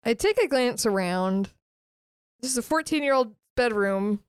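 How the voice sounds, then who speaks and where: A woman's voice: on the high side, lively intonation, moderate pace, smooth, no room sound. A woman playing a tabletop game, laid-back and joking. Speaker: player.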